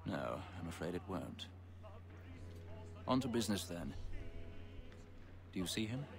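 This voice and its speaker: A man voicing a businesslike gentleman conspirator in a video game, smooth and matter-of-fact. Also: low-pitched, sing-song, unhurried, heavily acted. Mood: conspiratorial. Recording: game audio with music playing.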